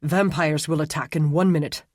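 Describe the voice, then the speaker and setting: A man's voice: on the high side, fairly even intonation, normal speed, dry recording, studio quality, natural voice. A man voicing a grim, protective immortal man who speaks curtly and gives orders. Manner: curt, commanding.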